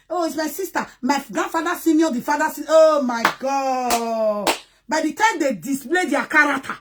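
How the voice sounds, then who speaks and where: Woman host, high husky voice, emphatic sermon-style advice to followers. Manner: emphatic, repetitive, sermon-like exhortation. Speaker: talk show host and event MC. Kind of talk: preachy moral monologue to followers.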